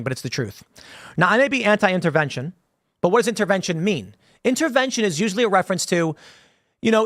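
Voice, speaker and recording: A man's voice: high voice, fairly bright tone, no echo, studio quality. A man giving an emphatic political opinion monologue, restarting phrases often and acting out quoted voices as he talks. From United States. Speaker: political commentator.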